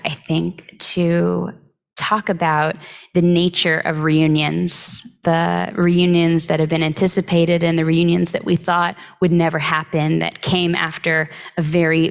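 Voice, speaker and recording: Woman with a low, gravelly voice giving a sermon. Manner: reflective, unhurried, with frequent pauses and filler words. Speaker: clergy giving the weekly Torah talk. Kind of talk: conversational sermon.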